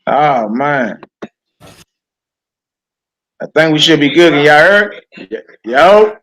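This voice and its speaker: A man leading a streamed bible study in an animated, joking, slangy preaching manner. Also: a little high, takes it slowly, low-quality recording.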